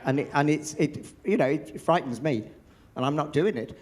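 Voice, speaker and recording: A man's voice: a little high, normal speed. An older man, a veteran pantomime performer, telling theatre stories in an interview and acting out the voices he quotes. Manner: animated storyteller, acts out quoted voices. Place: theatre after a show.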